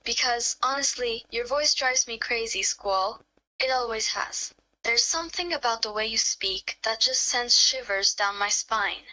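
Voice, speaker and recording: A woman voicing a smitten young woman in a fan role-play, speaking in a soft, quavering tone. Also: a little high, a little slow, rough recording. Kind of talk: fan role-play reading, first person.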